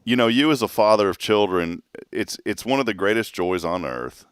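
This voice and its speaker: Animated storytelling man, dry close sound. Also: fairly low pitch, normal speed, clear, resonant tone, no echo. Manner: storytelling, animated, laughs often. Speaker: co-host. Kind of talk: casual chat.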